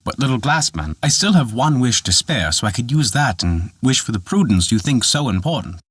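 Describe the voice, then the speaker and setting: A man's voice: mid-range voice, sing-song, brisk, slightly rough, no room sound, studio quality. A man voicing an eager, discontented young charcoal burner who pleads for wishes.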